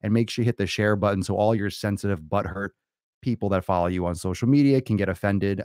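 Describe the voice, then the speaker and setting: A man's voice: fairly low pitch, quick pace, darkish tone, no echo, studio quality. A man hosting a podcast alone, brash, crude and theatrical, swearing constantly and stretching words out for emphasis. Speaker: podcast host. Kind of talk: profane comedic podcast monologue.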